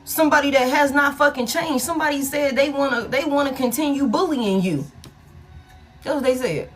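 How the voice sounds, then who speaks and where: A woman's voice: high voice, brisk, faint music behind. A woman giving a casual tarot reading, blunt and profane, repeating key lines for emphasis and laughing often. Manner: laughs often between remarks. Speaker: tarot reader.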